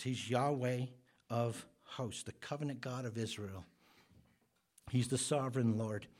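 A man preaching a sermon as pastor, earnest and emphatic, growing louder on the words he stresses. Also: mid-range voice.

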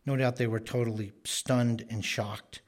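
A man's voice: medium pitch, fairly even intonation, unhurried. A man preaching an expository sermon, speaking emphatically and briefly acting out the characters he quotes.

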